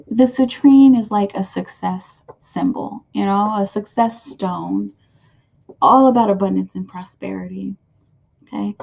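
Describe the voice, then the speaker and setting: A woman's voice: medium pitch, a little slow, gravelly, darkish tone, dull audio. Chatty woman giving a card reading. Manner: chatty, addresses viewers as "you guys", many fillers. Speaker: tarot card reader. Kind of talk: casual oracle card reading vlog.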